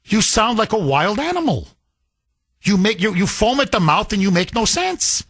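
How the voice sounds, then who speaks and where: A man's voice: sits high, very animated, normal speed, a bit bright, no room sound. A man hosting a talk radio show, delivering a heated, scornful monologue with emphatic repetition into a studio microphone.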